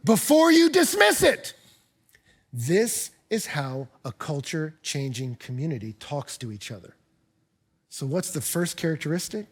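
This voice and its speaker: Gravelly high-voiced preaching man. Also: very animated, unhurried. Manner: impassioned, swings between hushed and loud emphasis. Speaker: pastor. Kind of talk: sermon. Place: church.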